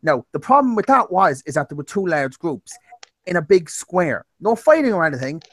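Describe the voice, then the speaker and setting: A man's voice: on the high side, very animated, normal speed, dry recording. A man hosting a podcast, telling stories in casual, rambling talk with plenty of swearing. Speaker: podcast host.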